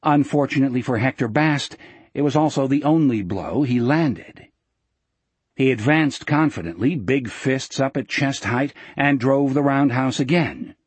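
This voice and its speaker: A man reads an audiobook in a steady, measured way. His voice is husky and mid-pitched. It is recorded close in a dry space. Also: no echo. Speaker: narrator. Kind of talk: audiobook narration.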